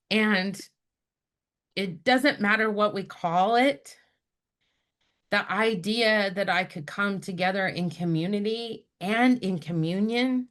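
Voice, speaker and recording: A middle-aged woman from Utah, a spiritual director telling a personal story in a conversation and acting out the people she quotes. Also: medium pitch. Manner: animated storyteller, acts out quoted friends. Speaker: guest, spiritual director and activist.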